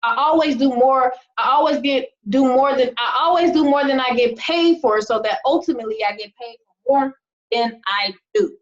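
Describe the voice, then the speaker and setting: Here a high-pitched American woman, a team leader and business coach, rallies her online group with an emphatic, energized pep talk full of rhetorical questions. She speaks at a normal speed, and the audio is dull.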